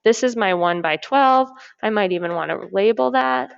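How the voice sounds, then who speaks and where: A woman's voice: mid-range voice, moderate pace, vocal fry, clean tone, no echo, dull audio. A woman math teacher talking through a lesson step by step in an upbeat, encouraging way. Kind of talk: recorded classroom lesson.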